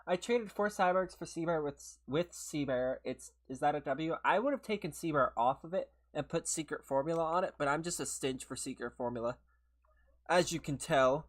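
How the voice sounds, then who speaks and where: A young adult gaming livestreamer chats casually with viewers while playing, laughing often and greeting people by name. Her medium-pitched voice is slightly hoarse from a recent illness.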